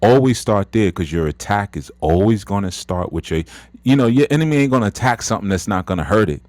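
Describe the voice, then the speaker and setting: Deep-voiced man in his thirties, casual motivational host, emphatic, dry phone-mic sound. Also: lively intonation, fast talker, darkish tone, no echo. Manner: emphatic, repeats words, frequent "you know". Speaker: host of an audio chat room.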